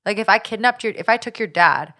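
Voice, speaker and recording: A woman's voice: mid-range voice, lively intonation, fast talker, pushed and bright. A woman co-hosting a podcast, telling a personal story in casual, rambling chat full of 'like' and restarts. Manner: chatty, lots of 'like' and restarts, recounting a stalker story. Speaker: podcast co-host.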